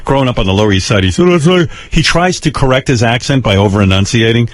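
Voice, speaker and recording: An older man tells stories on a talk radio show in a blunt, profane, wry way, his pitch rising and falling a lot as he goes. The studio sound is close and dry, with no room around the voice. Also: lively intonation, fast, no echo. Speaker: radio host. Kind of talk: candid storytelling on talk radio.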